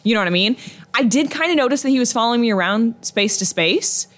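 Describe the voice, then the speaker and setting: A young woman co-hosting a podcast, telling a story in a chatty, animated way with lots of fillers. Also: a little high, fast talker. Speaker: podcast co-host. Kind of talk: casual chat, storytelling.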